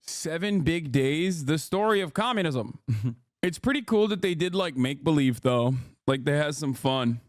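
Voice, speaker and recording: Male streamer, loose and profane, slightly high voice, dry sound. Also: moderate pace, dry recording. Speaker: streamer host. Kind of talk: casual commentary.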